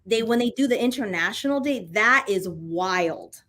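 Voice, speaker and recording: A woman's voice: mid-range voice, lively intonation, moderate pace, fairly bright tone. A woman co-hosting a casual business chat, talking in a loose, rambling way. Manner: rambling, many fillers and restarts. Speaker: co-host of a real estate broker talk.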